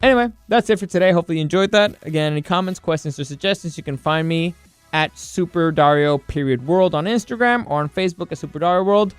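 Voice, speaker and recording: A man hosting a sports podcast, ranting in an exasperated, animated way in casual commentary. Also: fairly high pitch, fast talker, clear, resonant tone, dry recording, soft background music. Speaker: podcast host.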